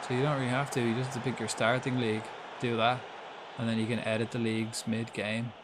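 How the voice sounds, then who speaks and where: A man's voice: mid-range voice, little pitch movement, quick pace, background noise. A young Irish man chatting casually while streaming a football management game, reacting aloud and swearing freely. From Ireland. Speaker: gaming streamer. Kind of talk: casual live-stream commentary.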